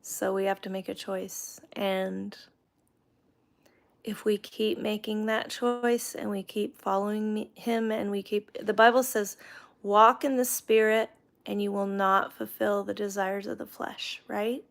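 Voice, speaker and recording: A woman's voice: mid-range voice, fairly even intonation, measured pace, gravelly. A middle-aged woman hosting a casual livestream chat, reading viewer comments aloud and talking about her faith. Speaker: livestream host.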